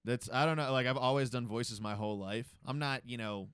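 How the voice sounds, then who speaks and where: East coast guy cohosting a comedy podcast, chill and sweary, kinda high, dry room sound. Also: fairly quick, fairly bright tone, clear, resonant tone, dry recording. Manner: loose, profane, laid-back joking. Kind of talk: casual chat.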